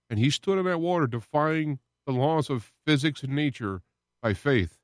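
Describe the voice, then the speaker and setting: A man's voice: on the high side, expressive, normal speed, dry recording, clean studio sound. A man hosting his own internet radio show, talking about his faith in a rambling, heartfelt way that rises and falls with emotion. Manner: earnest, rambling, with restarts and emotional swells. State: close to tears at moments. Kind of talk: personal faith talk monologue.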